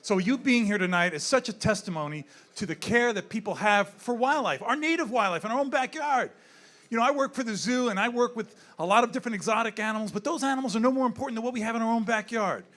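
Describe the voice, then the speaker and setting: Very high-pitched and fairly bright, this man's voice moves fast. He's in his sixties, works with zoo animals, and is giving a candid, off-the-cuff speech at a gala on a handheld mic in an indoor event room, rambling and repeating himself.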